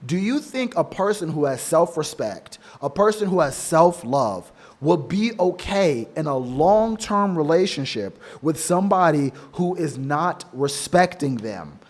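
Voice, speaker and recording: A man's voice: on the high side, darkish tone. Man preaching emphatic dating advice. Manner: emphatic, preachy, repeats for stress; casual slang, addresses listener as bro. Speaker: men's dating coach. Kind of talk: monologue advice to men.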